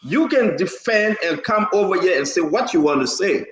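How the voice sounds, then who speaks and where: High, animated host in a roomy studio. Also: male voice, moderate pace, slight background noise. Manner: defensive, demanding, repeats himself. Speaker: talk show host. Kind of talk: heated political talk show debate.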